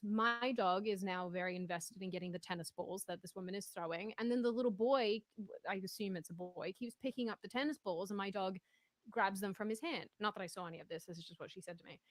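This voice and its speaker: A woman's voice: medium pitch, no echo. Indignant woman ranting in a dry room. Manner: animated storytelling, indignant. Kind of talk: casual ranting chat.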